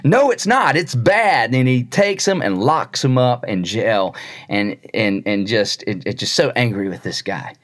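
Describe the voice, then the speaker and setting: A man's voice: on the low side, animated, measured pace. A man preaching a sermon. He speaks earnestly, often repeats a word as he starts a phrase, and tells stories with quoted voices.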